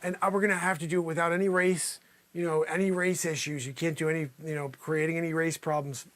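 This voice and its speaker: A man's voice: a little high, flat delivery, fast, fairly bright tone, no echo. A man hosting an improvised comedy news spot, rambling and teasing in a mock-anchor delivery. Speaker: comedy news show host.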